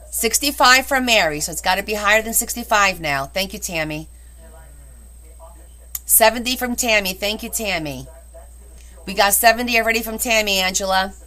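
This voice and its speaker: A cheerful woman hosts a live online auction, announcing bids and laughing between them. Her voice is crisp and bright, and she talks in a chatty, friendly way, recorded on a phone. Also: medium pitch. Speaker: host selling scrapbooks in a live auction.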